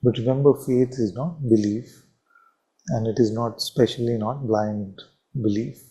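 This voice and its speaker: A man speaks as a spiritual teacher at a satsang, his voice very dark and mellow at a middling pitch. He talks slowly and reflectively, leaving long pauses and repeating key phrases. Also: low-quality recording. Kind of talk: satsang talk.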